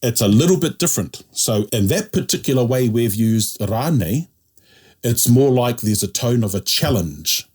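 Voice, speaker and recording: A man's voice: medium pitch, expressive, normal speed, a little mellow, slightly rough. A man tutoring a language lesson, explaining patiently step by step and checking in often.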